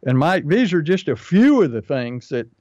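A man's voice: a little high, very animated, normal speed, darkish tone, dry recording. Emphatic man with a dull, dry sound. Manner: emphatic and repetitive, drives points home. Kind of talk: conversational business advice.

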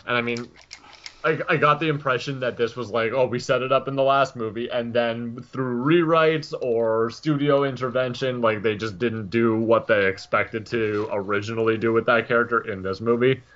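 A man's voice: medium pitch, steady tone, moderate pace, a bit bright. A man co-hosting a casual movie review podcast, rambling with lots of restarts and chuckles. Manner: rambling, many likes and restarts, dry chuckles. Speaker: podcast co-host. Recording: dull lo-fi podcast audio.

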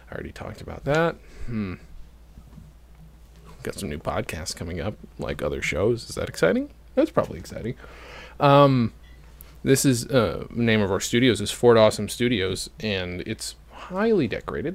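Rambling, joking male podcast host. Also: mid-range voice. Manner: rambling, self-deprecating, joking. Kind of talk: casual podcast chat. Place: home studio.

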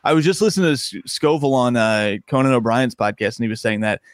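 A man's voice: medium pitch, fast, no room sound. A man, a stand-up comedian, chatting casually in a podcast interview, rambling and restarting his sentences and laughing often.

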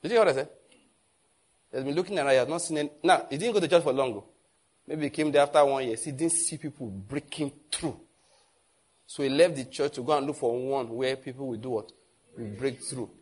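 A man with a Nigerian accent preaching a sermon, animated and asking the congregation questions. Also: medium pitch, breathy edge. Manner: animated, asks the audience questions.

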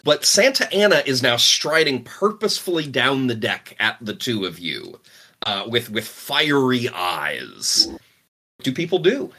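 A man's voice: medium pitch, very animated, unhurried, sharp tone. A man running a tabletop role-playing game as game master, narrating playfully, laughing and often repeating words.

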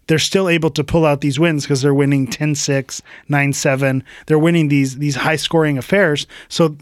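A man talking sports on a casual podcast, his voice sitting a little high. He rambles with enthusiasm and laughs easily. The sound is close and dry. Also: no echo. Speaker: podcast co-host.

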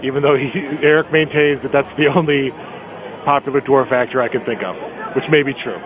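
A man gives halting, deadpan field reports for a podcast from inside a packed convention hall. The sound is thin and phone-like, with a crowd murmuring all around him. His pitch sits right in the middle for a man. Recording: tinny phone-like recording, crowd behind. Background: crowd chatter.

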